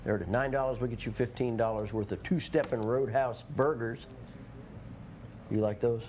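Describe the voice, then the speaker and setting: A man's voice: mid-range voice, normal speed, a little mellow, a little hiss or hum. A man hosting a local TV deal show, bantering and joking. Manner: playful, jokey, puts on silly voices. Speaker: TV show host. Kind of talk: casual on-air banter selling deals.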